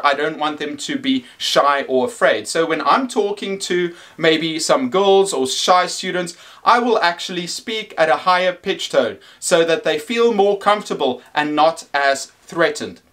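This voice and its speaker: A man in his thirties talks through classroom tips in a steady, deliberate way. His voice sits a little high for a man, and he drops it lower or lifts it higher now and then to make a point. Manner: measured, deliberate, shifts pitch to demonstrate. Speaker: teacher giving teaching tips. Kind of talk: instructional talk to camera.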